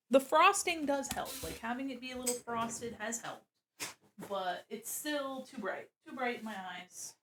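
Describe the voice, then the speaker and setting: Here a woman with a medium-pitched voice and noticeable vocal fry streams her art, chatting loosely with viewers and voicing her thoughts while she draws. She's at home, in a room next to a window.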